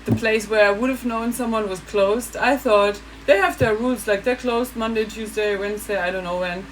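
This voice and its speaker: Woman vlogger, lively storyteller who laughs a lot, mid-range voice, light background hiss. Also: medium pitch, moderate pace, low-quality recording. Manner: animated, laughing, acts out other people. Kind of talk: casual monologue.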